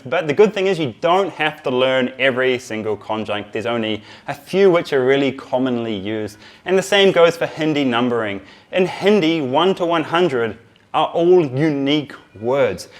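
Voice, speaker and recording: A man giving an upbeat YouTube lesson on learning a language, in an energetic, emphatic teaching manner. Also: medium pitch.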